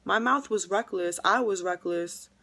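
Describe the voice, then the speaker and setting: A woman's voice: medium pitch, a little slow, bright, forceful tone. New woman, vlogger, heartfelt testimony delivery, repeats herself for weight. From New York. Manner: emotional, repeats phrases for emphasis. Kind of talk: earnest religious testimony vlog.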